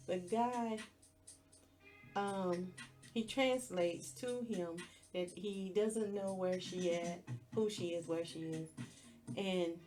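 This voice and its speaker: Woman podcast host; expressive, playful recap delivery, slow pace, mid-range voice. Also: medium pitch. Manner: chatty and expressive, with playful asides. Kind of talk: casual TV episode recap.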